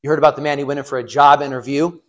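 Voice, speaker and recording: A man's voice: mid-range voice, level tone, racing, fairly bright tone. A middle-aged man giving a casual sermon on marriage to a class, chatty, laughing at his own stories and asking the room questions. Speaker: pastor or class teacher.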